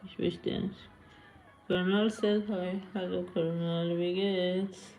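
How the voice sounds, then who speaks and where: A woman's voice: lowish voice, fairly even intonation, measured pace, a little mellow, a little hiss or hum. A woman live streamer chatting casually with viewers, blunt and scolding, answering comments and switching between languages.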